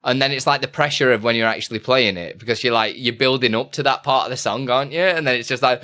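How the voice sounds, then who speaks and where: A man's voice: medium pitch, quick pace, few pauses, pushed and bright. A man chatting casually on a live stream, reading out chat questions and laughing often.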